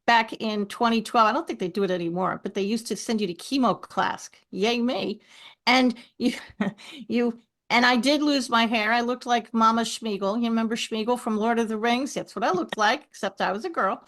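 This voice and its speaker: Animated woman telling stories. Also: on the high side, moderate pace. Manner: animated storyteller, lively asides. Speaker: guest. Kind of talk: podcast conversation.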